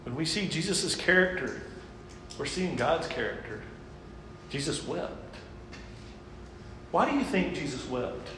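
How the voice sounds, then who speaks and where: A man delivering a sermon in an earnest, emphatic voice, reading scripture aloud and explaining it. He swings between raised emphasis and hushed intensity. The recording has a long, roomy church reverb with faint noise behind him. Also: on the high side, big pitch swings, moderate pace. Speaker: preacher. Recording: echoey hall, faint background noise.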